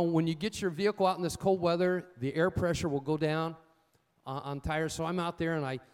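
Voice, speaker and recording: A man's voice: a little high, clean tone. A male pastor preaching a sermon in a folksy, humorous storytelling style, repeating his key points and asking the congregation "amen?".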